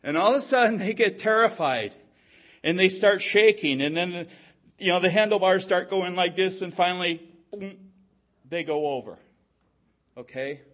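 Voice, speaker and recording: A man preaching a sermon, telling a story and checking in with his listeners, growing louder at dramatic moments. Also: high-pitched. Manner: storytelling, repeats "okay?" to the audience; slow and deliberate, swelling louder at dramatic moments.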